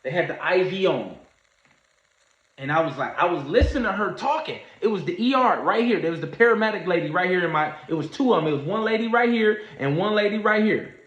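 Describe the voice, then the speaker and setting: A man telling a story in a casual livestream, animated and slangy, acting out what others said. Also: high voice, a little fast. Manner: animated storyteller, acts out quoted voices, Southern US slang. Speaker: trading streamer. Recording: echoey room, dull lo-fi sound.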